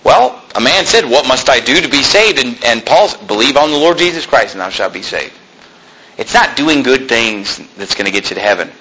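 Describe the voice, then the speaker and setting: Animated, bright-voiced man preaching. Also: a little fast, slightly rough, low-quality recording. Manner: animated, jokey, acts out quoted people in a high voice. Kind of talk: sermon.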